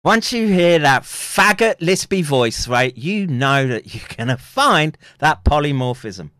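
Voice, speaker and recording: Lively, bright-voiced man ranting and laughing. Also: on the high side, measured pace, no echo, clean studio sound. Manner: mocking, laughing, swinging into loud ranting. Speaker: commentary host. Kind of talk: reacting to news clips.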